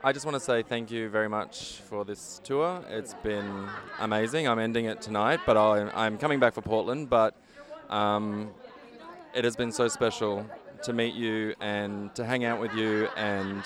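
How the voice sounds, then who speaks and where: A man's voice: on the low side, fairly even intonation, moderate pace. Sincere Australian man amid crowd. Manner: sincere, earnest. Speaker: podcast guest. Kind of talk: heartfelt thanks. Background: crowd chatter.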